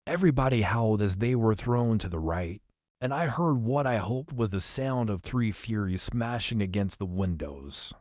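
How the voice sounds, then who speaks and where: Low-voiced man narrating an audiobook. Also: animated, darkish tone, no room sound, studio quality. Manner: brisk first-person action storytelling. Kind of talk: scripted storybook narration.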